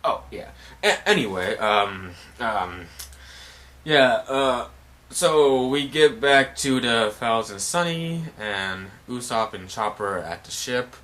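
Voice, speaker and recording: A man casually retelling and reviewing a comic chapter, excitable, rambling and profane. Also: mid-range voice, slow. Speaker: manga reviewer.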